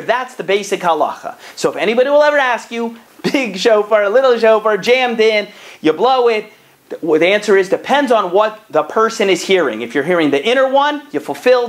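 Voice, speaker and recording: A young male rabbi giving a short video Torah talk. His pitch swings widely as he explains, and he keeps asking rhetorical questions. The tone is chatty and animated throughout. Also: normal speed. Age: young adult.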